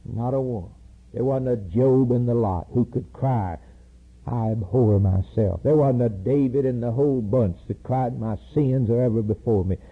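A man preaching a fiery sermon, pleading with his listeners and rising to loud emphatic peaks. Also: medium pitch, normal speed, slightly rough. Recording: tinny phone-like old sermon tape.

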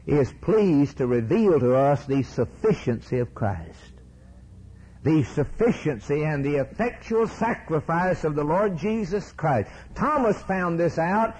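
A man preaching a sermon with passion, swinging from hushed lines to soaring cries. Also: on the high side, breathy edge, rough recording.

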